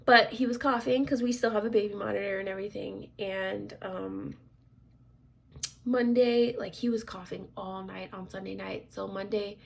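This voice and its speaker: A woman in her thirties chatting casually as a vlogger, rambling with lots of fillers, clearing her throat often and dropping to soft asides. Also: mid-range voice, steady tone, moderate pace, a little hiss or hum. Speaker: crafts vlogger and military instructor. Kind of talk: casual chat.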